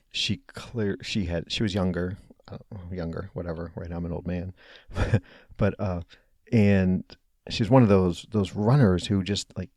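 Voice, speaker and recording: A man hosting a solo podcast, talking in a hesitant, reflective way with lots of fillers and restarts, soft-spoken and low-key. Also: vocal fry, slightly rough, dry recording, clean studio sound. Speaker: podcast host. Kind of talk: casual solo podcast monologue.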